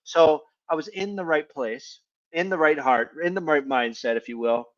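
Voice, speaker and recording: A man's voice: on the high side, moderate pace. A man talking casually on a panel, earnest and given to restarts as he tells a personal story. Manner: earnest, repeats words when restarting. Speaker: panel guest. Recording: dull muffled audio.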